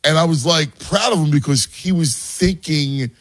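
A man's voice: a little high, moderate pace, no echo. A man who coaches youth baseball and has a son, chatting casually and explaining game strategy with many restarts. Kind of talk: casual podcast chat.

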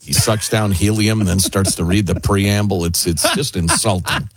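A man's voice: low-pitched, fairly even intonation, moderate pace, husky, no echo. A man co-hosting a talk radio show, joking in wry asides. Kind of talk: casual talk radio banter.

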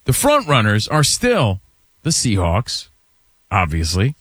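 A man's voice: lowish voice, huge pitch swings, slow, fairly bright tone, breathy edge, no room sound, studio quality. A man hosting a sports radio show, leading the segment and reading listener comments in an easygoing way. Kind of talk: casual sports talk banter.

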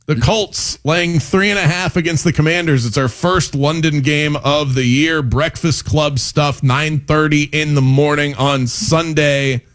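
A man co-hosting a sports betting show, giving his picks in quick, confident casual chat. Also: a little high, steady tone, a bit bright.

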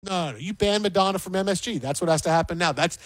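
A man hosting a sports talk show, ranting and telling animated stories in casual banter. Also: high-pitched, fast talker, no echo. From Detroit area. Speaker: sports radio host.

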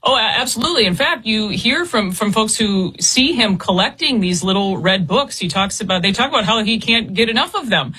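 A woman reporter speaks as an interview guest in a bright voice with a husky edge. She halts often and repeats words as she explains. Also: medium pitch, expressive, fairly quick, hardly any pauses, poor audio.

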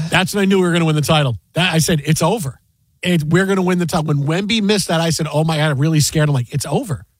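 Man, sports radio host, high voice, dry close mic, animated casual storytelling. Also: fast, husky, dry recording. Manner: animated storyteller, loud sing-song impressions.

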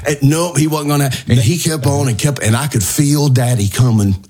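A middle-aged man hosting a radio show, telling a neighborhood story in a lively, animated way and mimicking shouting neighbors. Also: mid-range voice, normal speed, slightly rough.

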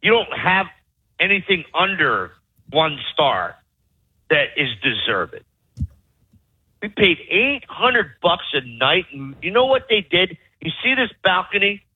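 Heard through a tinny phone-like line, a vacationing man vents furiously and with plenty of profanity to his podcast co-hosts about his resort. His voice is fairly high and slightly rough, very animated, and a touch slow as he delivers the ranting review.

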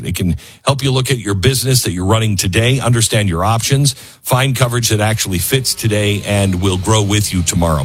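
A man's voice: on the low side, breathy edge. A man hosting a talk radio show, rambling and self-mocking as he reads ads and riffs on news stories. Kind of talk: talk radio monologue with host-read ads.

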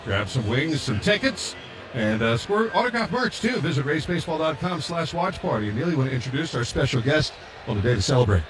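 A man's voice: a little high, very animated, brisk. A man working as a radio broadcaster, enthusiastic and conversational, reading a promo and chatting with a guest. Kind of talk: radio broadcast chat and live read.

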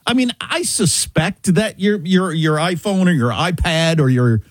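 Talk host, middle-aged man from Kansas: slightly higher voice, husky, swooping delivery, dry sound. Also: measured pace, no echo. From Kansas, USA. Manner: animated, chatty storyteller. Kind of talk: casual talk-show storytelling.

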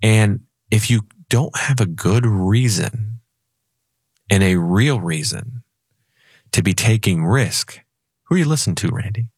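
A low, husky male voice co-hosts a financial radio talk show. He talks in a playful, emphatic storytelling way, and the sound is dry and close. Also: unhurried, dry recording.

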